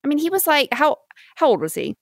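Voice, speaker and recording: An American woman co-hosting a podcast, chatting casually, quick to laugh and joke at herself. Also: high-pitched, sing-song, creaky. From United States. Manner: chatty, self-deprecating, laughs often. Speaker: podcast co-host. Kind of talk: casual chat.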